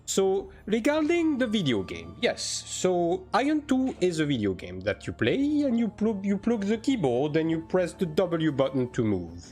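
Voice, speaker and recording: A man voicing a slow, rambling video presenter who over-explains the obvious, in a put-on Eastern European accent. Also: sits high, huge pitch swings, a little mellow, soft background music, voice pushed up, heavily acted. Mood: mocking. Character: rambling male video presenter padding out a guide.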